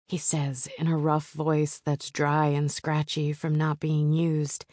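A woman narrating a romance audiobook in the first person with a soft, intimate storytelling manner. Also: sits low, monotone, slow, hardly any pauses, no room sound, studio quality.

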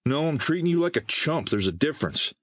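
A man's voice: fairly high pitch, sing-song, a little fast, a bit bright, no echo, studio quality, voice pushed up. A man voicing a sarcastic, hot-tempered young male wasteland scavenger, speaking in a snappy, bitter way. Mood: scornful.

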